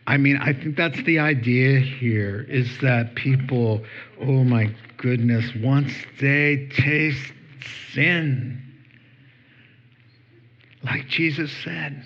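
A man's voice: a little high, very slow, lo-fi sound. A man preaching a sermon, telling stories with acted-out voices and laughing at his own jokes. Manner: animated storytelling, acts out voices and laughs. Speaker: pastor.

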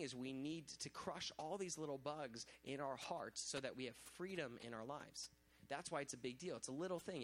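A man's voice: on the high side, fairly bright tone. A young adult man preaching a sermon, telling stories animatedly with quoted voices and laughter.

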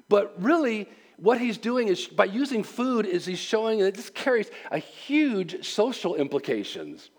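A man preaching a conversational sermon, repeating phrases and shifting between quick and slow delivery. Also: high-pitched. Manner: conversational, repeats himself, speeds up and slows down. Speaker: pastor.

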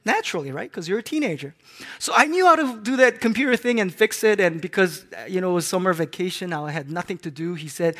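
High-voiced pastor swinging loud to hushed. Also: male voice, animated, fast. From Hong Kong. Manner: swings between loud emphatic declarations and soft hushed tones. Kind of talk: sermon.

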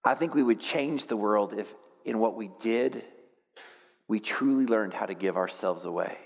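A man preaching a sermon as pastor, telling stories with self-deprecating humor and swinging from quiet reflection to loud, animated outbursts. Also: fairly low pitch, moderate pace, gravelly, in a large hall.

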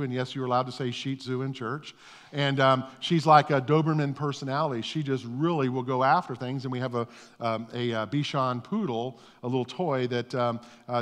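A man's voice: mid-range voice, a bit bright. A middle-aged male pastor giving a conversational, self-deprecating sermon, often repeating his words as he starts a thought. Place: church sanctuary. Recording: long reverb of a church hall.

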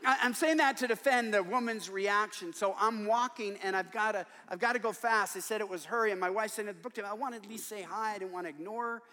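A man's voice: sits high, fast, hardly any pauses, pushed and bright, in a large hall. An older man preaching a sermon in a large church, telling stories with humor and emphasis. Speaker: conference speaker and author.

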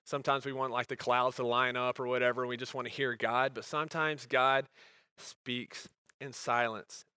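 Male pastor preaching, earnest, swings from emphatic to hushed, bright tone, dry close sound. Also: medium pitch, level tone, quick pace, smooth, no room sound. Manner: earnest, builds to emphatic peaks then drops soft. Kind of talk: sermon.

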